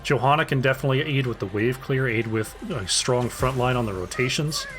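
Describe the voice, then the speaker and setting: A man's voice: medium pitch, fairly quick, over music. A man casting an esports draft solo, chatty and casual, talking to his chat between picks. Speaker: esports caster.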